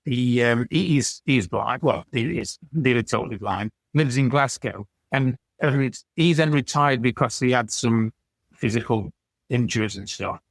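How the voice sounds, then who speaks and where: A man's voice: mid-range voice, measured pace, dry recording. A man, a podcast guest telling rambling anecdotes with frequent stammered restarts. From England. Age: 60s. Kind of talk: casual storytelling chat.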